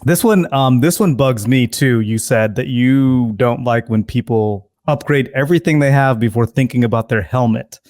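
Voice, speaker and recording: A man's voice: mid-range voice, moderate pace, hardly any pauses, darkish tone, no room sound, studio quality. A man who laughs easily, a guest in a casual podcast chat.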